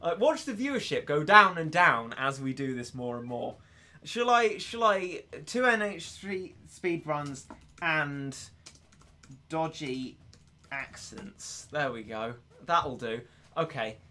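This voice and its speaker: A young man streaming live, chatty and quick to laugh at himself. His voice is bright and animated, bouncing around in pitch. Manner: chatty, giggly, self-mocking. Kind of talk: casual live-stream chat.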